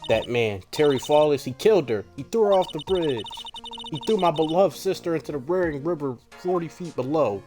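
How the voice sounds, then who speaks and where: A man's voice: a little high, expressive, fairly quick, mellow, pitched above the performer's own voice, natural voice. A man voicing a brooding young male convict who talks in clipped, broken English, over game music.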